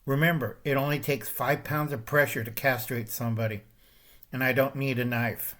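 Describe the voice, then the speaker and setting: Older guy ranting on his channel, blunt and pushy, keeps saying okay? all right?, regular pitch. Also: steady tone, moderate pace, a bit bright. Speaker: channel host. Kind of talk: ranting monologue to camera.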